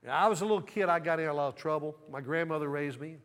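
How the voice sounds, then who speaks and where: A man's voice: a little high, quick pace, a bit bright. A middle-aged man from the American South preaching a sermon, telling stories and drawing call-and-response from the congregation. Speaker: pastor. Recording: long hall reverb.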